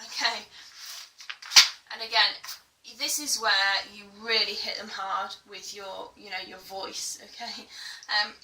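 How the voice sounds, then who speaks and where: A woman's voice: medium pitch, fairly even intonation, slow, bright, forceful tone, distant mic, slight background noise. A woman singing teacher giving a chatty vocal tutorial, full of fillers and breaking into belted sung demonstrations. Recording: echoey room, a little off-mic, faint music.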